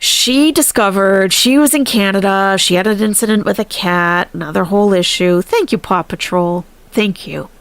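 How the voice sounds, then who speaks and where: A woman's voice: mid-range voice, moderate pace, few pauses, no room sound. A woman hosting a live stream, chatting casually and animatedly, laughing often and thanking viewers.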